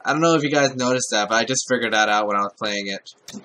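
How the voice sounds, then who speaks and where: A man's voice: fairly low pitch, quick pace, sharp tone. A man giving casual let's-play commentary, talking to himself while he plays and swearing often. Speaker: gameplay commentator.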